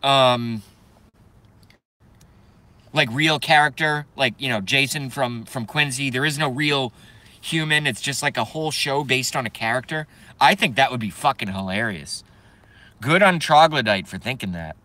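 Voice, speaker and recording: A young man rants casually on a live stream, joking, swearing, rambling and reading chat aloud to answer it. His voice is medium in pitch, moderately paced and bright with a forceful tone.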